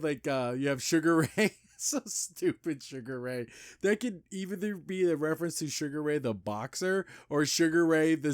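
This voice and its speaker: A man with a fairly high-pitched voice hosts a podcast and loosely recaps a cartoon episode. He leans heavily on "like" and keeps restarting, and the recording is dry and studio quality.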